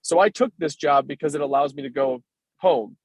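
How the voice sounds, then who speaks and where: A man hosting a podcast in casual chat, talking quickly and filling his speech with "like". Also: on the high side, husky, dry recording. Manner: quick casual talker, fills with "like". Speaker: podcast host.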